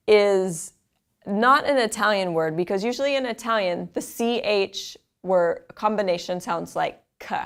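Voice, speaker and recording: A woman teaching a language lesson, saying each word slowly and then repeating it for learners. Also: mid-range voice. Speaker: Italian teacher.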